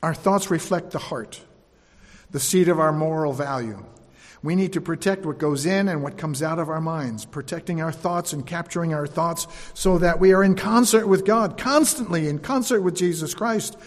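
A man preaching a sermon, repeating phrases for emphasis and dropping to quieter tones. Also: a little high, moderate pace. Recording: long hall reverb.

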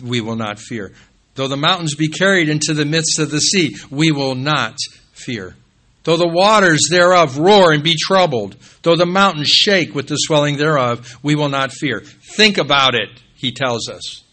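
Bright-voiced man preaching a sermon. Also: normal speed. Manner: rises to emphatic peaks, drops low and quiet when calling out scripture references. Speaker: pastor.

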